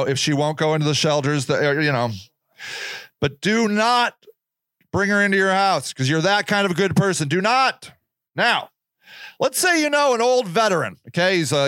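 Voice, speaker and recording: A man's voice: fairly high pitch, a bit bright, clear, resonant tone, dry recording. A man hosting a podcast, giving blunt, repetitive advice in a casual monologue and acting out the people he quotes. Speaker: podcast host.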